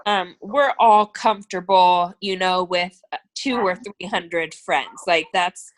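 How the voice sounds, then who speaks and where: A woman's voice: fairly low pitch, slow pace, low-quality recording. A woman guest and team leader chatting casually on a video call, with lots of fillers. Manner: chatty, filler-heavy, laughs easily.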